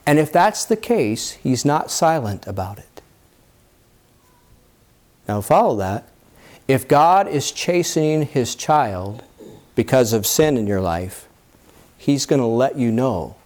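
A man preaching a sermon, reading scripture aloud and talking plainly to a congregation, his voice climbing high when he voices people's pleas and dropping low and soft to reassure. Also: very animated, takes it slowly, pauses often. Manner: reads scripture aloud, then rises high and loud in acted pleas.

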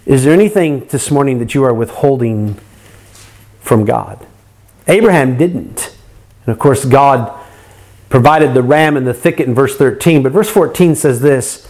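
A man's voice: mid-range voice, lively intonation, unhurried, a little mellow. A man preaching a sermon, earnest, asking the congregation rhetorical questions and acting out their complaints.

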